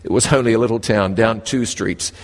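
A New Zealand man with a New Zealand accent preaches a storytelling sermon. He's animated, his pitch rising and dropping sharply, and he slows his phrases for emphasis. A long hall reverb surrounds the recording.

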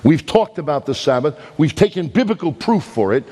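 A man with a Brooklyn accent preaching a sermon, emphatic, swinging between high loud peaks and slow low words. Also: big pitch swings, husky. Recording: long hall reverb.

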